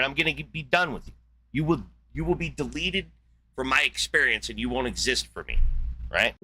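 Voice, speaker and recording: Forceful, combative debate host man. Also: mid-range voice. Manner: combative, insulting and profane. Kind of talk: heated live call-in debate.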